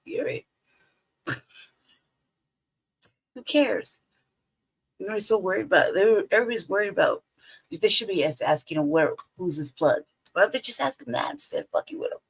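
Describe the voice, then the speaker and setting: A woman livestreaming her opinions in a loose, profane rant, breaking into laughter and firing off sarcastic questions. Her voice has a gravelly, husky edge and swings widely in pitch. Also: no echo, poor audio. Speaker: livestream commentator. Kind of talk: profane casual commentary. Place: home livestream.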